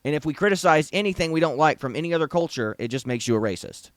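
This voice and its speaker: Emphatic man with a lively voice. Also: fairly high pitch, fast, no room sound. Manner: emphatic, indignant, rhetorical questions. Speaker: show host. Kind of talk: opinionated commentary chat.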